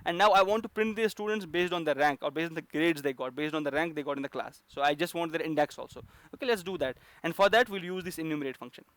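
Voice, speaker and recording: Man, programming instructor, fairly high voice, hesitant step-by-step explaining, dry recording. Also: fast talker, few pauses, a bit bright, no echo. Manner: explains step by step with many fillers and restarts. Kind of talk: recorded coding lesson.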